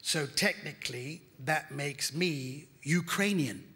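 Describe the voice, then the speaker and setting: A man in his fifties from Britain doing animated stand-up comedy in a large theatre, breaking into shouts and sung lines. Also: on the high side, slow. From United Kingdom. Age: 50s. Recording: theatre hall, audience noise. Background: crowd laughter.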